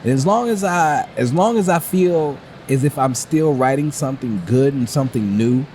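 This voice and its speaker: A male stand-up comedian guest chatting casually on a podcast, lively and quick to laugh, often acting out his own thoughts and restarting his sentences. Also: medium pitch, a little hiss or hum. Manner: rambling with frequent restarts.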